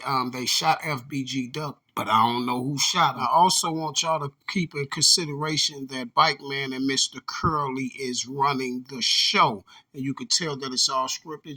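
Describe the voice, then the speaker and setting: A man's voice: mid-range voice, pushed and bright. A man giving casual commentary over video clips, talking straight to his viewers with lots of fillers. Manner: conversational, addresses viewers as y'all, many fillers. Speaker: commentator on a true-crime video.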